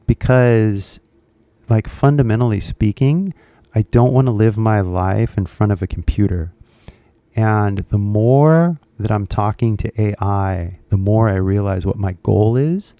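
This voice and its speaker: An English-teaching YouTuber with a Californian accent rambles casually during a live stream, sprinkling "like" and "you know" throughout. His mellow voice sits on the low side, and the recording is dry and lo-fi.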